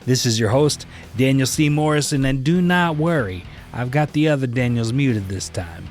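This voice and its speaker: A man's voice: medium pitch, lively intonation, normal speed, faint music behind. A man hosting a podcast, joking casually as he talks to his listeners. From Kentucky. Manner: joking, bickering with his own put-on voices. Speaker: podcast host.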